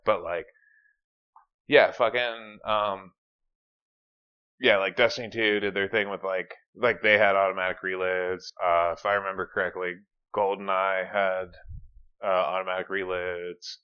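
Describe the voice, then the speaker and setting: A man's voice: low-pitched, a little slow, clean tone. A man co-hosting a podcast, talking casually with lots of fillers and swearing. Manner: profane, filler-heavy, energetic. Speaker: podcast co-host. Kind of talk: casual chat. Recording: dull lo-fi mic.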